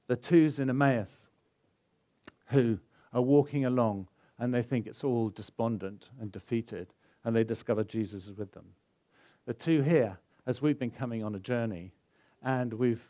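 A man's voice: fairly low pitch, mellow, dry recording. Man preaching a sermon, dry close sound. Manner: storytelling, building to emotional exhortation. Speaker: pastor.

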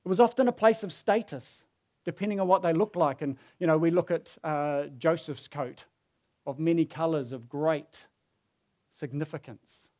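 A man's voice: a little high, normal speed, mellow. A man preaching a sermon who tells the story casually and acts out the quoted voices.

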